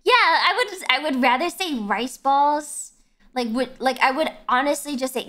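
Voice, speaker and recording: High-voiced young woman ranting on stream. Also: normal speed. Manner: ranting, blunt, swears a lot; animated, breaks into yelps. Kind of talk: casual livestream chat.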